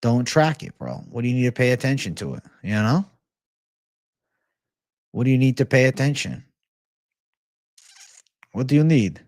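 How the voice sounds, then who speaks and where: A man's voice: medium pitch, sing-song, normal speed, long pauses, a little mellow, dry recording, clean studio sound. A young man in his twenties hosting a casual livestream Q&A, reading chat questions aloud and answering in a laid-back way with frequent swearing. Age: 20s. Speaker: host of a livestream Q&A.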